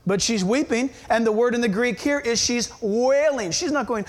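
A man's voice: very high-pitched, normal speed. A man preaching a sermon as pastor, emphatic and firing rhetorical questions at his listeners.

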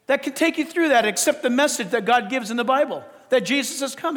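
Male pastor, very high voice, impassioned sermon delivery, long church reverb. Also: expressive, a little fast, few pauses, a bit bright. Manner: preaching with rising, impassioned emphasis. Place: church sanctuary.

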